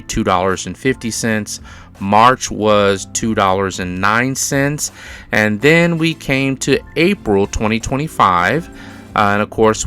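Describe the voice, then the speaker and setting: A man's voice: on the low side, fairly bright tone, smooth. A middle-aged man hosting a dividend investing channel, walking through figures in a casual explainer and stressing key words again and again. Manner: slow and deliberate, repeats key words for emphasis. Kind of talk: casual explainer over spreadsheets.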